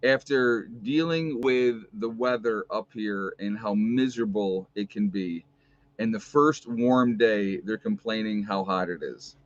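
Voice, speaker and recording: A man's voice: unhurried, dry recording. Chatty American man rambling on a dull mic. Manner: rambling, chatty, many fillers and restarts; high baby talk to his dogs. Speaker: vlogger. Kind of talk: casual livestream chat.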